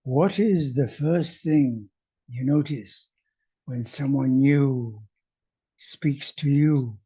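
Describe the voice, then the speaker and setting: A man teaching English to French speakers in a video lesson, speaking in a wry, deliberate way. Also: mid-range voice, warm tone, slightly rough.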